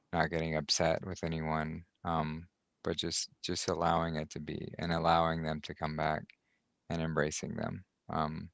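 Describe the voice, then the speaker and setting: A man hosting a podcast, speaking softly and haltingly with many restarts. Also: low voice, gravelly, no echo. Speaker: podcast host. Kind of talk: reflective podcast talk.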